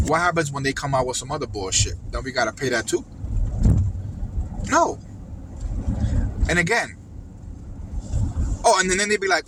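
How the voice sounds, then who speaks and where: A man's voice: mid-range voice, animated, normal speed, pauses often, noisy background. A man, a car service driver, ranting angrily from inside his car and cursing a lot. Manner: heated, cursing, exasperated. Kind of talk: angry vlog rant.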